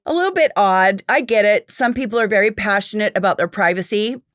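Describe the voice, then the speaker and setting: A woman hosting a true crime show, narrating with measured, opinionated commentary. Her voice sits at a middle pitch. The sound is dry and close, with no room around it. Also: a bit bright, dry recording.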